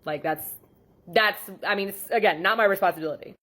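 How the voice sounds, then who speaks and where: A woman's voice: medium pitch, brisk, fairly bright tone. A woman photographer telling a story about a client in a casual vlog, chatty and exasperated, with lots of "like" and "um". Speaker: boudoir photographer.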